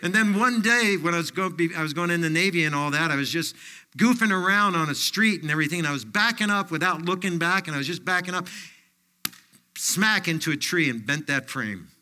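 A man's voice: a little high, lively intonation, brisk, sharp tone. An older man giving a folksy sermon, often dropping in fillers and personal stories. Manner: folksy, anecdotal preaching with frequent fillers. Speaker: pastor.

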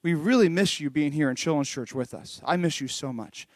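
A man's voice: on the high side, brisk, darkish tone. A man with a slightly raised voice gives a children's Bible lesson in an earnest, conversational tone. He retells the story with little restarts. The sound is dry and close, with no room echo. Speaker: children's church pastor. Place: home recording during lockdown.

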